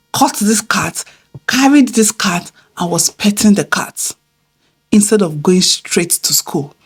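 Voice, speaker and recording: A middle-aged woman vlogger casually telling a family story to camera, animated, swinging between loud exclamations and hushed near-whispers. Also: medium pitch, slightly rough.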